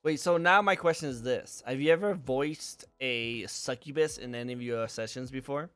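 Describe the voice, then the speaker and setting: A man hosting a casual stream interview, excitable and talking to his chat. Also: mid-range voice, normal speed, smooth, no echo, soft background music. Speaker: interview host.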